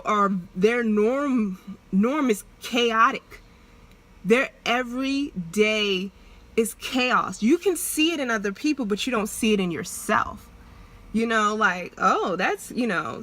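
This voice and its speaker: A young adult woman talking to her vlog audience in an earnest, halting way, restarting and repeating herself as she opens up. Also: medium pitch, a bit bright. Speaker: vlogger. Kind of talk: emotional personal vlog confession.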